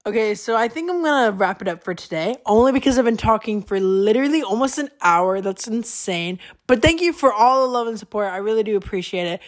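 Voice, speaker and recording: A woman's voice: on the high side, animated, a little fast, few pauses. Young woman rambling on her podcast, chatty, lots of likes and restarts. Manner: chatty, rambling, lots of "like" fillers and self-corrections. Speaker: podcast host. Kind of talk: casual solo podcast monologue.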